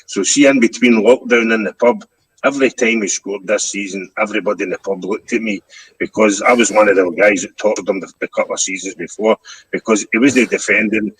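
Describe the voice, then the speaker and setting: A man's voice: fairly low pitch, steady tone, fairly quick, slightly rough, low-quality recording. A Scottish man speaking frankly and self-deprecatingly as a guest in a casual podcast chat. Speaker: guest fan.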